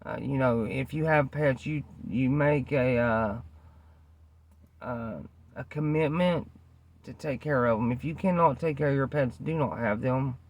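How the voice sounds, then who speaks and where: A man's voice: mid-range voice, vocal fry, darkish tone, no room sound. A man earnestly tells a rambling personal story to the camera, repeating himself and using many fillers. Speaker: vlogger telling a personal story.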